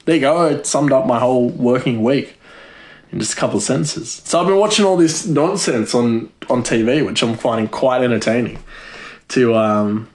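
A man's voice: medium pitch, moderate pace, darkish tone. A man chatting casually to viewers. He rambles, giggles and fills his talk with "like". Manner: rambling, giggly, filler-heavy. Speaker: vlogger. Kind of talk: casual chat. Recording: echoey room.

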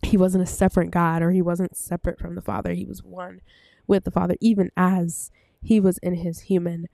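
A woman with a lowish, creaky, mellow voice speaks fairly quickly in a flat manner, giving a rambling, casual Bible talk. She uses many fillers, corrects herself often and is a little breathless. Recorded on a desk mic, the audio has no echo.

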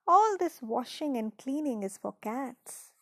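A woman's voice: high-pitched, lively intonation, measured pace, no room sound, voice pushed up, heavily acted. A woman voicing a scruffy young male farm dog in a read-aloud storybook, with a dry sound. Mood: miserable.

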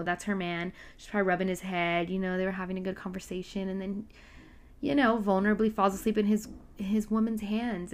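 A woman casually retelling a Bible story, chatty and full of side comments and asides. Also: mid-range voice.

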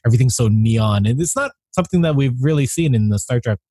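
A man hosting a casual chat, animated and often laughing as he acts out his reactions. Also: mid-range voice, fast talker, husky, no echo, studio quality. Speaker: podcast host.

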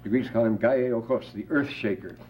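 A man's voice: mid-range voice, normal speed, darkish tone. An older man giving a classroom lecture, digressing with asides and rhetorical questions and quoting scripture with rising emphasis. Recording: dull lo-fi classroom tape with faint hiss.

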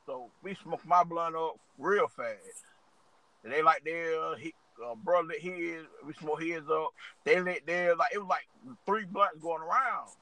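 A man's voice: a little high, unhurried, bright, forceful tone. A young man co-hosting a podcast, chatting casually, echoing jokes and telling a rambling story. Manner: chimes in with jokes, echoes punchlines, rambling storyteller. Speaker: podcast co-host. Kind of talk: casual chat.

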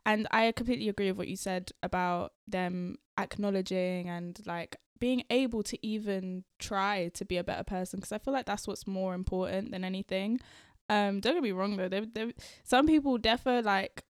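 A young woman gives frank, opinionated takes in a casual chat. She reacts quickly, and her mid-range voice is recorded close and dry. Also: mid-range voice, smooth, dry recording. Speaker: podcast co-host.

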